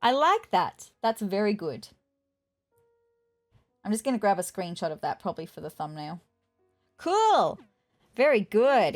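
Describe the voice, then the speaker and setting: A woman's voice: mid-range voice, expressive, normal speed, a little mellow, faint music behind. A woman casually commenting as she plays a life-sim game, chatty and a bit squeamish, thinking aloud as she explores. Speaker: gaming YouTuber. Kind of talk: casual let's play commentary.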